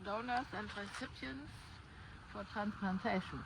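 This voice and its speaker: A woman's voice: mid-range voice, creaky, a bit bright. Older German-accented woman, noisy outdoors. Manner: halting, with frequent restarts. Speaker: interviewee, homeowner. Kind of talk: casual outdoor chat. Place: outdoors in a yard.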